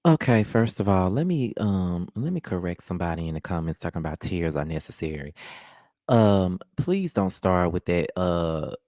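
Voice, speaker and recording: A man's voice: deep voice, expressive, moderate pace, warm tone, no room sound, studio quality. A man hosting casual reaction commentary, joking and teasing bluntly with some profanity. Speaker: commentary channel host.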